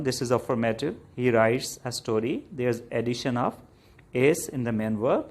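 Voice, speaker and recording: A man with a South Asian English accent walks through a grammar lesson at an unhurried, deliberate pace. His voice sits at a middling pitch. He explains patiently, checking in often with "okay?" and pausing on fillers. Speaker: English teacher.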